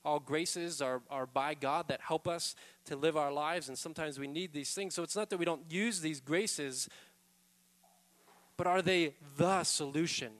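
A man's voice: a little high, a little slow, a bit bright, in a large hall. A man preaching a sermon as pastor, earnest and conversational, asking pointed rhetorical questions and adding casual asides.

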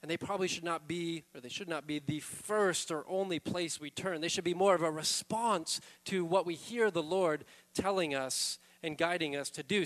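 A man's voice: a little high, normal speed, few pauses, fairly bright tone, in a large hall. A man preaching a sermon as pastor, earnest and conversational, asking pointed rhetorical questions and adding casual asides.

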